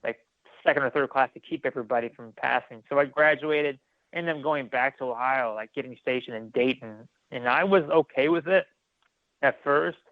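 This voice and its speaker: A man's voice: medium pitch, normal speed, no echo. Man telling a story over a tinny line. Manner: animated, re-enacts dialogue, many restarts. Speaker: podcast guest, former military firefighter. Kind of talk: casual storytelling interview.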